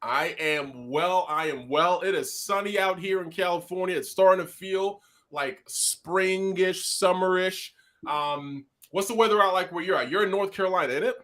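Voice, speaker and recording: High-voiced energetic male show host. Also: moderate pace. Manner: energetic, hype, playful. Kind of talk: lively live-show chat. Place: home studio in California.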